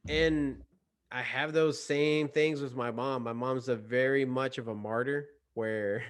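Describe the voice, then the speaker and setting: A man's voice: medium pitch, fairly even intonation, measured pace, clean tone. A man hosting a podcast, telling candid personal stories in a reflective, earnest way, with frequent restarts. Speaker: podcast host. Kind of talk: candid conversational storytelling.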